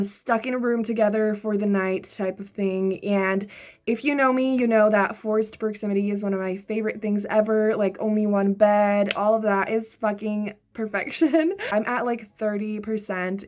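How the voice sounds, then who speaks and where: A young woman talking casually about the books she is reading, with many filler words. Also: mid-range voice. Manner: chatty, lots of "like" fillers. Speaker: book vlogger. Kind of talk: casual chat.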